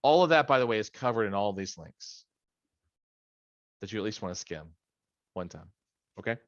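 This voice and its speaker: A man's voice: lowish voice, animated, normal speed, no echo, highs cut off. A middle-aged man leading a study session on a video call from his home office, in a casual, rambling way with joking asides. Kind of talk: casual training talk.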